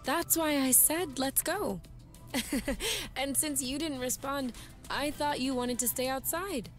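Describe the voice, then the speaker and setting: A woman's voice: high-pitched, takes it slowly, faint music behind. An actress playing an easygoing, teasing young woman in a video game, a runaway living with her partner. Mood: fond. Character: young woman on the run with her lover, upbeat.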